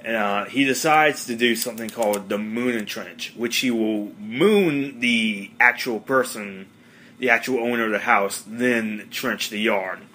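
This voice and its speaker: Bright-toned man hosting a podcast. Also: lowish voice, unhurried, a little hiss or hum. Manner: rambling, many fillers. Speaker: podcast host. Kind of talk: casual podcast monologue.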